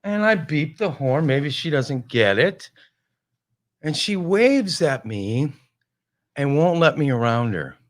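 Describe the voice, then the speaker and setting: A man telling a casual, animated comic story on a talk show, full of exasperation. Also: a little high, slow.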